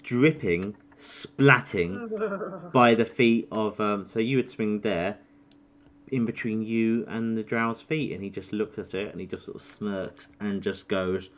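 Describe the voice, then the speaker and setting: A woman's voice: rumbling low, measured pace. A woman narrating as game master, laughing often and swearing casually.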